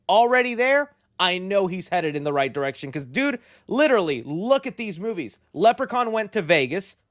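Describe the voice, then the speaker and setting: A man hosting a movie news show, talking in an excitable, slangy and rambling way. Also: high-pitched, moderate pace, few pauses, no room sound, studio quality. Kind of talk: casual movie news commentary.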